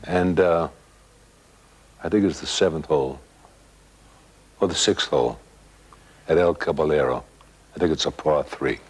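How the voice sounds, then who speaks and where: A man in his sixties telling a spooky anecdote in a halting, conversational way. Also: very deep voice, breathy edge. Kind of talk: storytelling anecdote.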